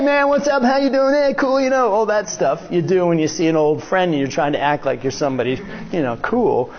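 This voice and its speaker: A man's voice: high-pitched, dull audio. An older American man giving a talk, telling a joking story and acting out the dialogue. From United States. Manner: animated, joking, acts out dialogue. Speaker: guest speaker. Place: lecture hall.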